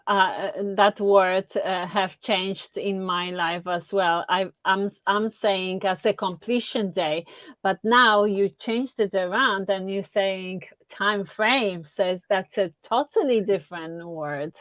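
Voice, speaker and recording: Slow, hesitant woman with a mixed international accent. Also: medium pitch, a bit bright, no echo. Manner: hesitant, many fillers. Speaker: guest, brand consultant. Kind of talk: live online interview.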